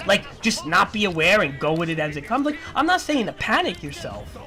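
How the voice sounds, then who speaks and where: Lively high-voiced man lecturing. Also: fairly quick. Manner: lecturing, repetitive, profane. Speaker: livestreamer. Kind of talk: casual stream rant.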